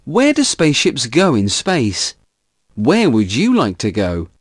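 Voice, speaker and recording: A man's voice: mid-range voice, huge pitch swings, a little slow, no echo, clean studio sound. A man asking children follow-up questions about a story, in a sing-song, questioning way. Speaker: reading-comprehension presenter.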